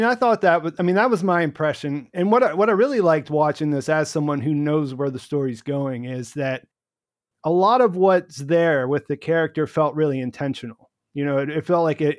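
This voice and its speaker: A man's voice: on the high side, no room sound, clean studio sound. A man hosting a casual discussion, rambling, with many restarts and fillers. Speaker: host.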